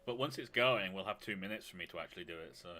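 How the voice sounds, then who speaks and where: A man streaming a space game live, excitable and chatty, reading viewer messages aloud. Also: sits low, quick pace, a little hiss or hum. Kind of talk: live gameplay chat.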